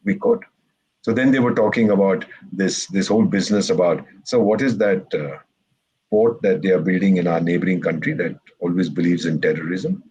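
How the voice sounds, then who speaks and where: A man's voice: sits low, brisk, darkish tone, slightly rough, dull audio. A man from India, a retired ambassador on a discussion panel, telling stories with sarcasm and acting out quoted remarks. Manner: wry, sarcastic storyteller who acts out quotes. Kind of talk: lively panel talk with jokes and quoted asides.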